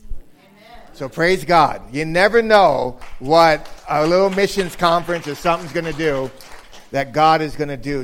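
A man's voice: on the high side, slight background noise. A man preaching a sermon as a guest speaker, chatty and joking, rising to emphatic points.

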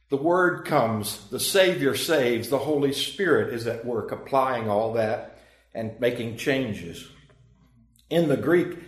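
Emphatic preaching man in echoey room. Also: medium pitch. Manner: earnest, emphatic preaching with rising and falling emphasis. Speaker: pastor. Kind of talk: sermon.

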